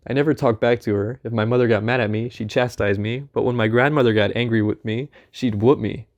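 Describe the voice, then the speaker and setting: A man reading a first-person memoir aloud in an unhurried, conversational storytelling manner. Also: mid-range voice, steady tone, muffled recording. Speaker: audiobook narrator.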